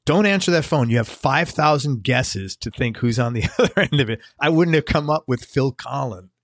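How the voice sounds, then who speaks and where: A male interview host tells a chatty anecdote in an easygoing way and laughs easily. His voice is mid-pitched. The sound is dry and close. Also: animated, normal speed, a bit bright, dry recording. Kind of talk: casual interview chat.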